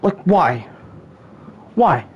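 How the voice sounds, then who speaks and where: A woman's voice: lowish voice, very animated, very slow, dull audio, slight background noise. A woman hosting a podcast, ranting in exasperation, often sighing and stammering. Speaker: podcast host. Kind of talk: solo wrestling rant podcast.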